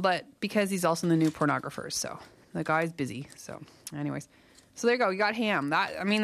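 A woman's voice: on the low side, vocal fry, no room sound. A young woman working as a campus radio DJ, chatting casually between songs, rambling and correcting herself, slightly out of breath. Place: small radio studio. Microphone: studio microphone.

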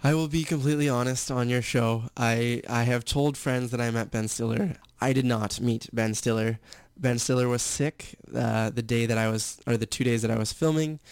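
A young man talking candidly as an interview guest. His voice is smooth and resonant, recorded dry and close, and he rambles with fillers and self-corrections. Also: medium pitch, steady tone, moderate pace, hardly any pauses, darkish tone, no room sound. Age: young adult. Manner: chatty, candid, full of fillers and restarts. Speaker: guest, stadium announcer and actor. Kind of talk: casual interview chat.

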